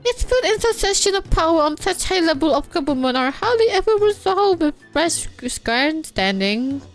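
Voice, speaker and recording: A woman's voice: extremely high pitch, very animated, soft background music, pitched above the performer's own voice. A woman voicing a stately, theatrical female knight who speaks in archaic, grandiose phrases. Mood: prim. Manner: archaic, grandiose, drawn-out speech.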